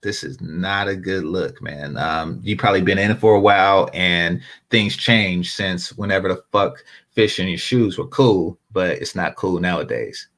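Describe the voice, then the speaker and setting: A man doing a hushed, confiding friend. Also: sits low, moderate pace, pitched below the performer's own voice. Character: earnest male friend quietly giving frank advice.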